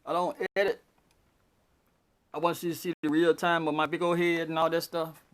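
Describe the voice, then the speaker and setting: A man doing a casual, unedited news vlog. He reads the headlines haltingly, then drifts into loose, excitable asides. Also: fairly high pitch, clear, resonant tone. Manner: reads news items aloud, then riffs on them excitedly. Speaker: vlogger reading news. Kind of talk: casual unscripted commentary.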